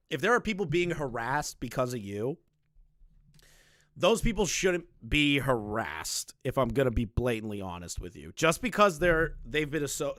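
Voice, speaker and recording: A young man giving casual reaction commentary, rambling and repeating himself, swinging from loud remarks to low muttering. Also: no room sound, clean studio sound. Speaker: commentary streamer.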